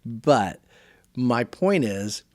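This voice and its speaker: A man hosting his podcast, talking casually to camera in one take, with lively emphasis and a habit of saying "right", recorded on a phone camera. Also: mid-range voice, very slow, no room sound, studio quality. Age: adult, working a full-time job. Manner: conversational, varied emphasis, often says "right". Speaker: podcast host.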